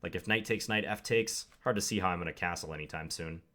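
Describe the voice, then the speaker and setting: A man's voice: sits low, fast talker, a bit bright. A young man commenting live on his own game, thinking aloud with wry, self-deprecating asides. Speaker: chess commentator.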